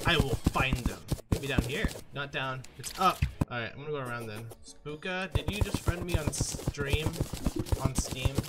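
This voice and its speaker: A man's voice: a little high, heavy background noise. A man streaming a game, rambling and joking to himself as he plays. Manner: rambling, jokey, talks to himself. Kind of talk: casual gameplay commentary. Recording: loud music under the voice. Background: game music.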